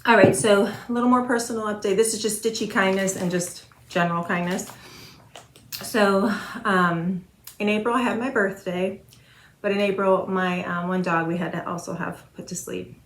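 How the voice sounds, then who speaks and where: A woman in her forties, a Flosstube stitching vlogger, chats casually to camera, rambling with many fillers and restarts. Her medium-pitched voice has a steady tone and normal speed, and the recording has a roomy echo and faint noise.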